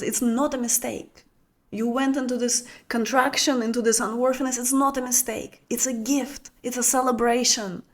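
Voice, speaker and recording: A native Russian speaker gives an intimate teaching talk as a spiritual coach for women. Her fairly high voice is soft and flowing, and she searches for words, repeats them, and often slips into a hushed, near-whispered tone.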